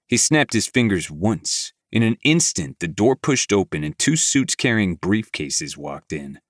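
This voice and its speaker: A man narrating a novel in first person with a flat, gruff delivery. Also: deep voice, normal speed, hardly any pauses, dry recording, studio quality. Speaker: audiobook narrator. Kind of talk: scripted narration.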